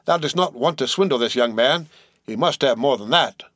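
A man's voice: mid-range voice, normal speed, fairly bright tone, dry recording, clean studio sound, lightly acted. A man voicing a fiery, blustering old sea captain who roars oaths in an audiobook reading. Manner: roaring, outraged oaths. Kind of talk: audiobook character voice.

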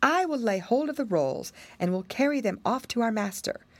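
A woman's voice: fairly high pitch, lively intonation, moderate pace, no room sound, voice pushed up. A woman reading a storybook aloud, voicing a clever, loyal female cat who speaks earnestly and firmly. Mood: scheming.

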